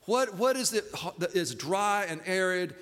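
A man's voice: sits high, expressive, unhurried, a bit bright, in a large hall. An older man, a pastor giving a personal, earnest sermon with hesitant fillers.

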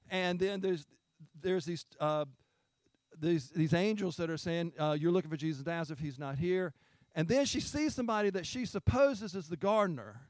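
A man preaching a conversational Easter sermon as a pastor, retelling scripture in a folksy, chatty way. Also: high voice.

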